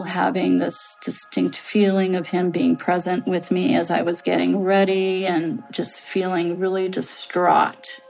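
A woman's voice: fairly low pitch, vocal fry, darkish tone, low-quality recording. Earnest woman telling a personal story. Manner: earnest, rambling, many fillers and restarts. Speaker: podcast guest telling her story.

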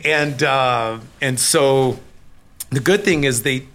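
Middle-aged man from Colorado, interview guest; bright, pushing tone, candid, halting delivery. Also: mid-range voice, a little hiss or hum. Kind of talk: personal recovery story in an interview.

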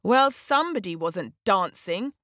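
Storybook lion: proud male king of beasts, growling and demanding, lively pitch, put on by a woman storyteller. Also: a little slow.

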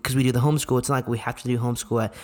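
A man's voice: mid-range voice, flat delivery, racing, a little mellow. A young man co-hosting a podcast, chatting casually in a rambling way with lots of fillers. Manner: rambling, full of fillers like "you know what I mean". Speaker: podcast co-host. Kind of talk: casual chat.

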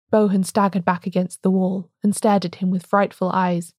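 A woman podcast host reading a story in measured, scripted narration. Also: medium pitch, little pitch movement, a little mellow, no echo, clean studio sound.

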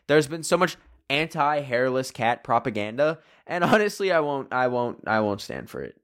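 Young male host, casual rambling solo chat, lively ups and downs in pitch. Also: moderate pace. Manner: rambling, animated, heavy use of "like". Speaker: podcast host.

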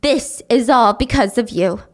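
A woman voicing a cold, vengeful middle-aged female killer in a drama recap, speaking in a low, measured, taunting way. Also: lightly acted.

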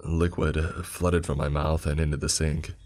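Male narrator, very low voice, grim first-person horror tale, faint music underneath. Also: flat delivery, normal speed, a little mellow.

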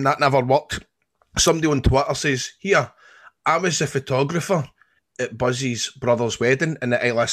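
A Scottish man co-hosting a football podcast, telling sweary, animated anecdotes in casual banter. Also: mid-range voice. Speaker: podcast co-host.

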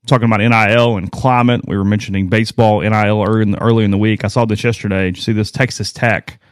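A man's voice: on the low side, fairly even intonation, quick pace, clean tone, no echo, studio quality. A man co-hosting a sports podcast in casual chat, rambling and self-deprecating as he tells stories.

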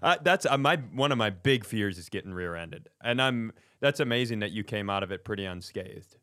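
A man's voice: lowish voice, animated, fairly quick, bright, forceful tone, no echo, studio quality. A man co-hosting a podcast, chatting casually with a wry, teasing manner. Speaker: podcast co-host. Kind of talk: casual chat.

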